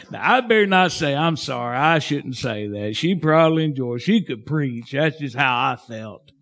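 A man preaching a sermon as pastor, fervent and folksy, swinging from shouts to hushed tones. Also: mid-range voice, expressive, moderate pace, hardly any pauses.

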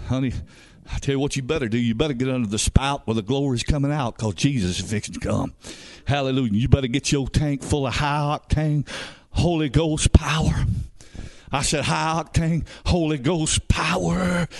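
Building toward shouts, a man delivers a revival sermon as an evangelist, fervent and full of hallelujahs. He speaks at a moderate pace in a medium-pitched voice.

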